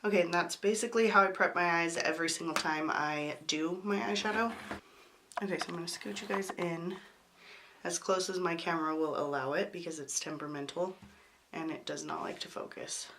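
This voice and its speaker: A young woman with a hoarse voice from a cold, chatting through a makeup tutorial and apologizing for how she sounds. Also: on the low side, fairly even intonation, fairly quick, fairly bright tone, slight background noise. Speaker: beauty vlogger.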